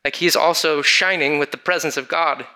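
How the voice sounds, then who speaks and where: A man preaching in a storytelling sermon, his voice very bright and slightly higher than most. He acts out the people he quotes and keeps the story moving for the room. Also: fairly even intonation, normal speed.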